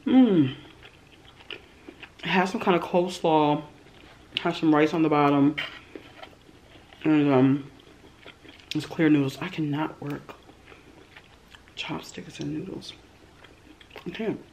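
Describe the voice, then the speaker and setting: A woman's voice: low-pitched, takes it slowly, pauses often, darkish tone, slight background noise. A woman hosting a mukbang eating vlog, murmuring "mmm" between bites and gushing over the food in a shy, casual way. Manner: self-described shy. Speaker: mukbang host.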